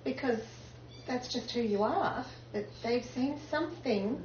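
A woman's voice: on the high side, unhurried, a little mellow. A woman joining a faith conversation, affirming and finishing the other speaker's thoughts. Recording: distant, echoey, lo-fi room with faint hum.

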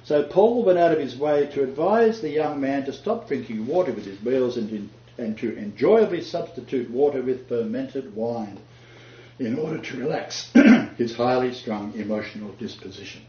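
In a dull, echoey room, a Bible teacher with a mid-range, mellow voice lectures at a moderate pace. He's animated and chatty, cracking jokes and laughing at his own asides.

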